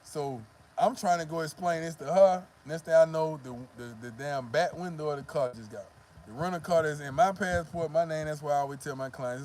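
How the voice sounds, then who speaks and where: A man's voice: on the high side, a little fast, darkish tone, slight background noise. A man vlogging, telling a profane, rambling story to the camera and filling it with "you know what I mean.".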